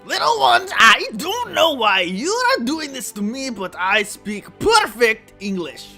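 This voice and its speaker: A man's voice: very high-pitched, big pitch swings, a little slow, bright, forceful tone, faint music behind, pitched above the performer's own voice, full character voice. A man voicing a pompous, self-important male goblin captive who makes grand theatrical declarations.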